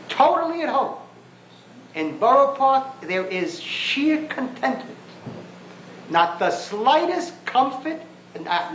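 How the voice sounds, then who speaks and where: A man giving an impassioned lecture on Jewish thought, emphatic and often sarcastic, repeating phrases for force. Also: sits high. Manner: sarcastic asides. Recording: echoey room with faint background noise.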